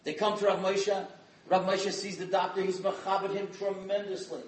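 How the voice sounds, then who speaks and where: A man giving an inspirational sermon as a dramatic storyteller, dropping to hushed tones and rising to loud emphasis. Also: sits high, little pitch movement, moderate pace. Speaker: guest speaker. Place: community event hall. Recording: echoey hall from far off, faint ambience.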